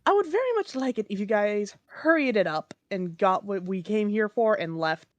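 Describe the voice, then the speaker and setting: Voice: medium pitch, lively intonation, moderate pace, dry recording, close to an everyday voice. A game master voicing a rude talking crow. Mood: impatient. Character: rude talking crow, slightly off British elvish voice. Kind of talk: tabletop game role-play.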